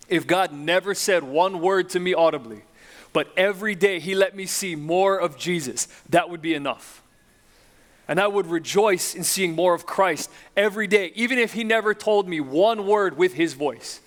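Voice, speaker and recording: A young man preaching a sermon, swinging between loud, slow, emphatic build-ups and quiet, low reflection. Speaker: pastor.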